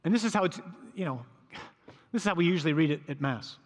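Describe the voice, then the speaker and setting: High-voiced priest preaching in a reverberant hall. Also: male voice, quick pace. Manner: storytelling, acts out voices of disciples. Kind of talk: sermon.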